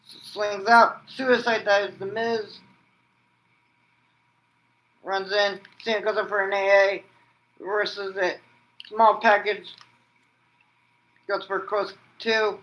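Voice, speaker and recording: A man hosting a wrestling vlog, narrating an imagined match like play-by-play and shouting out the pin counts. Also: high voice, fairly even intonation, takes it slowly, long pauses, rough recording. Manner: breaks into loud shouted pin counts and move calls; rambling, restarts sentences with "and then". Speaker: wrestling vlogger host. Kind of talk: excited fantasy-booking play-by-play.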